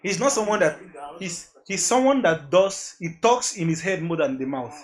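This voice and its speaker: A man's voice: high voice, animated, normal speed. A man with a Nigerian accent who mixes in Pidgin, a music producer talking about his journey as a podcast guest, earnest and reflective, repeating phrases as he thinks. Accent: Nigerian, mixing in Pidgin. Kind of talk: casual interview chat.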